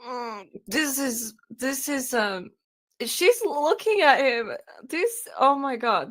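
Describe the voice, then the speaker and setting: A woman hosting a live stream, reacting out loud to a video with exclamations and laughter. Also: high-pitched, lively intonation, takes it slowly. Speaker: true crime streamer.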